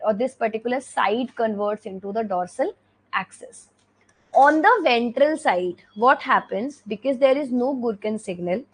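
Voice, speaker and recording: A woman's voice: a little high, slightly rough, rough recording. A woman with an Indian English accent teaching an exam revision lecture, explaining step by step and repeating key points with frequent checks like "okay".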